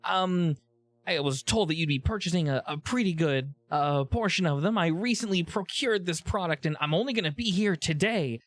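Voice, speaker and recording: A jittery sweets seller with a high, lifting voice, stammering and overly polite to his buyers, as a game master puts him on. He speaks nervously and keeps offering to help. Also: animated, moderate pace. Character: nervous male candy vendor.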